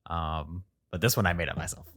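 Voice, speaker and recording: A man's voice: low voice, brisk, fairly bright tone. A young man co-hosting a podcast in casual chat, laid-back and laughing often as he tells stories. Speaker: podcast co-host. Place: indoors at his parents' house.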